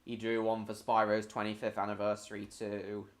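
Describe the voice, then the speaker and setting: A man's voice: on the low side, completely flat delivery, normal speed. A man hosting a casual live stream, rambling and distracted as he talks.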